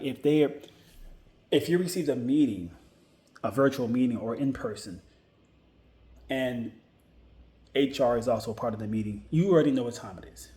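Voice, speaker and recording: Giving casual, emphatic career advice to viewers, a man with a dark, mid-range voice keeps repeating his main points and often starts his sentences over. The recording has a roomy echo.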